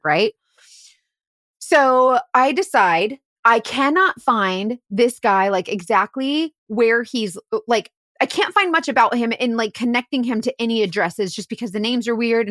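Lively woman telling an investigation story. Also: on the high side, dry recording, studio quality. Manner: animated, heavy use of "like". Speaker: private investigator. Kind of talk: casual storytelling podcast.

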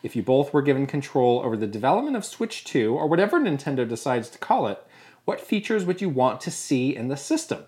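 A woman's voice: a bass voice, very animated, brisk, darkish tone. A woman co-hosting a casual podcast, reading listener questions aloud and bantering playfully. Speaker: podcast co-host. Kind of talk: casual chat.

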